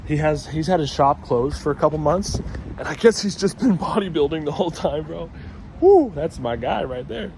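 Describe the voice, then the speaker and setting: A man's voice: fairly high pitch, lively intonation, moderate pace, vocal fry, a little mellow. Young man, vlogger, casual rambling, lots of swearing, laid-back, faint background noise. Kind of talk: casual vlog monologue.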